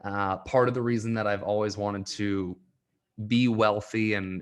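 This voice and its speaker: Earnest young man, low voice. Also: fairly even intonation, unhurried. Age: young adult. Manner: earnest, gets choked up, laughs through tears. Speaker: podcast host and coach. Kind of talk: solo podcast talk.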